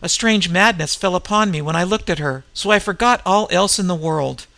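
A man's voice: sits high, normal speed, bright, forceful tone, no echo, exaggerated voice. A man reading a dazed barbarian warrior. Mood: haunted. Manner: dazed, hoarse-edged plain speech.

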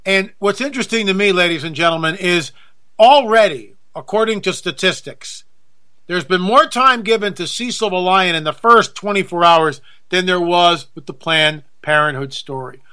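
A man's voice: high voice, normal speed, bright, forceful tone, clear, resonant tone. A man hosting a talk radio show, delivering an indignant monologue and repeating his points for emphasis. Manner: indignant and repetitive, hammers points home.

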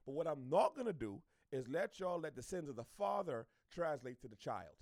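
Bahamian man, high gravelly voice, opinionated rant, dry close sound. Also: moderate pace, dry recording. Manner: animated, preachy, repeats himself. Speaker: social media commentator.

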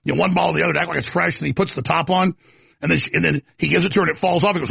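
Gravelly, raspy talk show host. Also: male voice, on the high side, rapid-fire, no echo. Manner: rambling, heated, excitable. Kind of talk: talk radio rant.

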